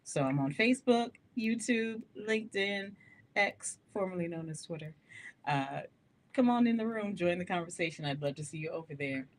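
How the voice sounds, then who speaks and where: A woman hosting a live gospel radio show, talking to listeners in an animated, candid way and laughing often. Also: lowish voice, moderate pace, a little hiss or hum. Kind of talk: live-streamed radio talk, testimony.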